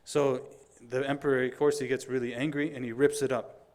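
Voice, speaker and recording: A middle-aged man giving a Friday sermon, telling stories in an animated way, acting out the dialogue and reciting quotations quickly. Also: mid-range voice. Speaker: preacher.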